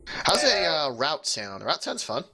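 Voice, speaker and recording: Gravelly, bright-voiced male game master. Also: a little high, huge pitch swings, unhurried. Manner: joking, rambling with restarts. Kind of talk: running a tabletop game over voice chat.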